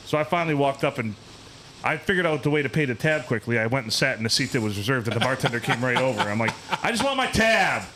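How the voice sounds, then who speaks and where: A man, hosting a podcast, telling a profane, animated story in a casual, ranting way. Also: medium pitch, slight background noise. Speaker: podcast host.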